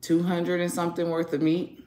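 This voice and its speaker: A man's voice: on the high side, monotone, normal speed, dark tone, slight background noise. A man vlogging at home, venting angrily in a profane, rambling rant from his garage. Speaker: family vlogger. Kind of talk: casual vlog rant. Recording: echoey garage room.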